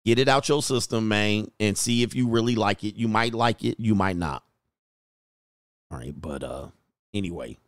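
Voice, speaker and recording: A man hosting a casual dating-talk livestream, joking and mocking as he reads out viewer comments, using slang and drawn-out emphasis. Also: lowish voice, no room sound, clean studio sound. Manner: joking and mocking, slips into playful impressions and laughs often. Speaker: dating coach and show host.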